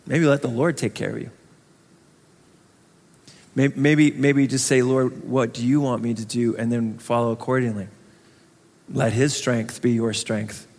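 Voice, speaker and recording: A man preaching a sermon as pastor, talking in a conversational, animated way and acting out little voices. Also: medium pitch, creaky, big-room sound. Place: church sanctuary.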